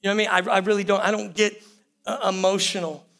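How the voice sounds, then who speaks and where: Man, high voice, pastor, sermon, conversational, repeats himself. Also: little pitch movement, fast talker, gravelly, fairly bright tone. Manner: conversational, repetitive, addresses the congregation directly.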